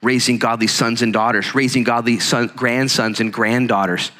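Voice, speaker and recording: Male pastor, sermon; bright tone, energetic conversational delivery, acts out quotes. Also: mid-range voice, normal speed. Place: church sanctuary. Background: congregation present.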